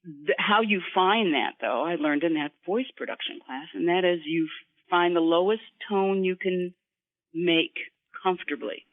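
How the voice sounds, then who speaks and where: A woman guest voice actor in an interview, explaining voice technique in an instructive way and slipping into quick voice demonstrations. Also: fairly low pitch, no echo. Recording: tinny phone line.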